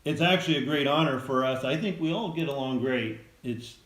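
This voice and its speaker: A middle-aged man, a farmer and father, chatting in a plain-spoken, measured way on a family livestream. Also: medium pitch, a bit bright. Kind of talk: casual livestream chat. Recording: roomy echo.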